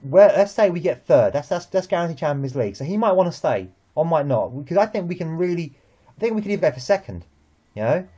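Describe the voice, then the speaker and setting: Uk guy, mellow tone, a bit high, excitable football chatter. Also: quick pace. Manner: animated, repeats himself when excited. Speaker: co-host. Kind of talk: casual football chat.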